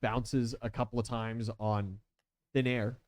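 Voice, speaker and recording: A man's voice: medium pitch, flat delivery, slow pace, no echo. A man narrating as game master in a tabletop game, casual and chatty with lots of fillers.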